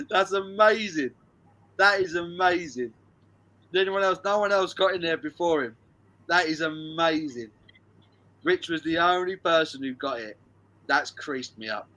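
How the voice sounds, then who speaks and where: Bright-voiced man hosting a stream. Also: on the high side. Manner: banters, swears and laughs a lot. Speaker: live stream host running a music quiz. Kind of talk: casual chat reading out viewer answers.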